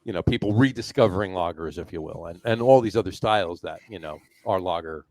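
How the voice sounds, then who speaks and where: A New Jersey man co-hosts a casual beer podcast, rambling through chat with many fillers and restarts and laughing often. His voice is deep and darkish, his pace quick, and the recording dry.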